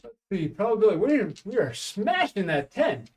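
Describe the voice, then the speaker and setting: A man talks casually to his stream from home while throwing dice, calling out each roll and bet as he goes. His voice sits a touch high. He is slightly away from the mic, so the sound is a bit distant. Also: big pitch swings, fairly quick, darkish tone. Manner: chatty, calls out dice rolls and bets. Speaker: streamer practicing craps. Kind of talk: casual live-stream chat.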